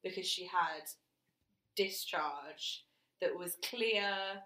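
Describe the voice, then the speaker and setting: A woman co-hosting a podcast, telling stories frankly and in an animated way, often laughing. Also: fairly low pitch, drawn-out words, roomy sound, low-quality recording. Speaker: podcast co-host. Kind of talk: casual chat.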